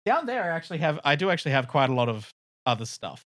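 A young South Australian man with a bright, slightly high voice, chatting casually as a podcast co-host. He rambles from one point to the next, laughs easily and swears offhandedly. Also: big pitch swings, fast. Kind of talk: casual chat.

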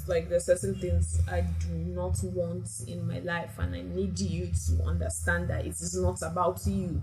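A woman's voice: fairly low pitch, far from the mic, a little hiss or hum, poor audio. A young woman speaking firmly and emphatically in casual chat as a podcast co-host. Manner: firm, emphatic.

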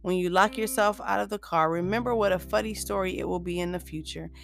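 A woman's voice: fairly low pitch, steady tone, fast talker, creaky. A woman hosting a solo motivational podcast, chatty and upbeat, often laughing as she talks to her listeners as "you guys". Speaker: podcast host.

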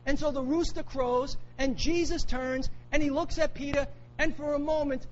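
A man's voice: very high-pitched, fairly even intonation, normal speed, lo-fi sound, slight background noise. A man preaching a sermon, emphatic, repeating key phrases for weight. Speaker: pastor.

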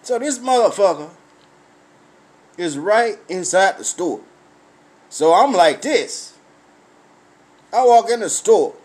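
High-voiced man ranting profanely. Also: lively intonation, slow, pauses often. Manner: loud, repetitive, swearing storyteller who acts out confrontations. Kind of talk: profane comic rant.

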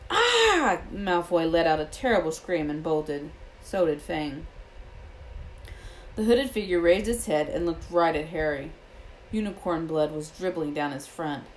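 A woman reading a children's fantasy novel aloud in a steady storytelling manner. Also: deep voice, unhurried, slight background noise, low-quality recording. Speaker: audiobook reader.

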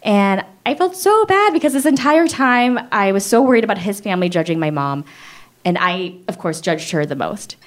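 A young adult woman telling a personal story to an audience, chatty and full of "like", acting out quoted lines with big jumps in pitch. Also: animated, moderate pace.

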